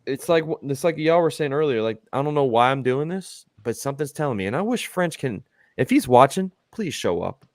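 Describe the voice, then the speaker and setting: A man hosts a casual sports talk stream in an animated, joking way, his voice sitting at an ordinary middle pitch. The sound is dry and close, with no room echo. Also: a little fast. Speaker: host.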